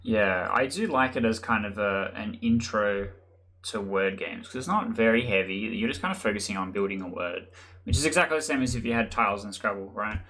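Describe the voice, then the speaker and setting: A man hosting a casual board game chat over an online call, talking in a relaxed, rambling way with restarts. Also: lowish voice, brisk. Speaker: channel host.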